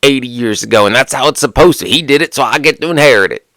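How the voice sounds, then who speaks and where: A man's voice: mid-range voice, quick pace, dry recording, pitched above the performer's own voice, lightly acted. A man putting on a smug, pompous entitled boss. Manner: loud, pompous, boastful.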